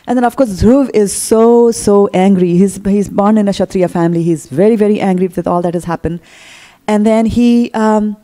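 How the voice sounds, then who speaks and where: A woman giving a storytelling sermon, retelling a scripture tale with quoted dialogue, casual fillers and pauses. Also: on the low side, dark tone, in a large hall. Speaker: speaker giving a temple talk.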